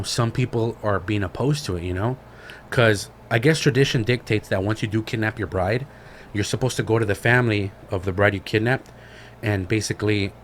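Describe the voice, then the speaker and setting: A man's voice: on the low side, a little hiss or hum. A man co-hosting a podcast, retelling a story in casual chat with slang and swearing. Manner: slangy, profane, animated retelling. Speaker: podcast co-host.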